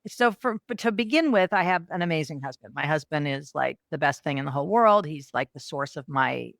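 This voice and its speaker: A middle-aged woman, a coach, telling a personal story in a podcast interview, animated and acting out quotes. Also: a little fast, vocal fry, no room sound, clean studio sound. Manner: animated, acts out quotes with raised pitch. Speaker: guest, transformational coach.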